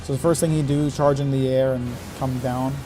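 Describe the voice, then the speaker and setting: A man's voice: mid-range voice, level tone, a little fast. A man streaming a hard game, commenting on his play in frustration, swearing and talking to himself. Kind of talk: live gameplay commentary. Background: game music.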